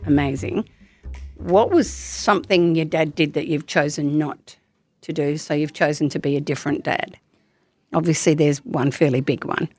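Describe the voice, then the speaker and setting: Low-voiced woman hosting an interview. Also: fairly even intonation, normal speed, a little mellow, breathy edge, no room sound, faint music behind. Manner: easy, chatty questioning, offering her own tips. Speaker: podcast host, interviewer. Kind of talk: conversational interview.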